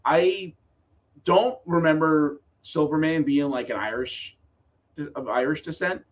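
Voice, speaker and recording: Man, podcast co-host, hesitant and agreeable, stammering restarts, fairly high voice, dull lo-fi call audio. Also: a little slow. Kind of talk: casual chat.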